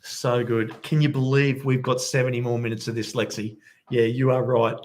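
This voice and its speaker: Fan watchalong host: a man calling the game with quiet excitement at home late at night, medium pitch. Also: normal speed. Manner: excitable, bursts into loud cheering. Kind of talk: live match commentary for viewers.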